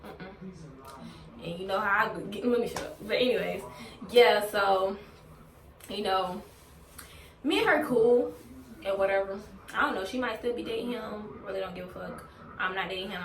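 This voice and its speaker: A woman telling a storytime on her vlog in a blunt, heavily profane, venting way. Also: mid-range voice. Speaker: vlogger. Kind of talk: casual storytime rant. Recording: roomy, distant from mic.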